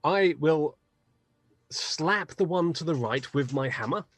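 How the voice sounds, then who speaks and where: A man's voice: on the high side, expressive, slow pace, a bit bright, no echo. Jokey man playing a tabletop game. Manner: jokey, playful. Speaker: player. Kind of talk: casual tabletop play.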